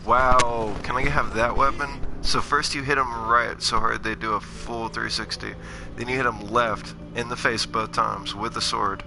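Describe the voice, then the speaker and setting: Gravelly man joking through a game. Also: mid-range voice, steady tone, normal speed, few pauses, noisy background. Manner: joking, rambling, self-deprecating. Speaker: gaming livestreamer. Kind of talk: casual gameplay commentary. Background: game music.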